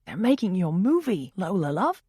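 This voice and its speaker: A gentle young bookstore owner. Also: male voice, sits high, very animated, normal speed, slightly rough, no room sound, clean studio sound, heavily acted. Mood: coaxing. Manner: gentle, flustered when teased. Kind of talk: audiobook dialogue.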